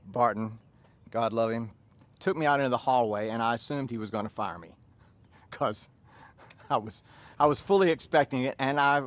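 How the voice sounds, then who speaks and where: A middle-aged man with a Southern US accent telling a story casually, animated, chuckling and restarting phrases. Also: medium pitch, dry recording. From Southern United States. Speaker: fitness coach and storyteller.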